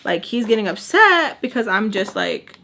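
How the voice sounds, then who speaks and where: A woman's voice: medium pitch, sing-song, moderate pace, vocal fry, bright, forceful tone. A young woman telling a storytime, chatty and sassy, acting out what people said. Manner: chatty, sassy, acts out quotes. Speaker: storytime vlogger. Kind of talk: casual storytime.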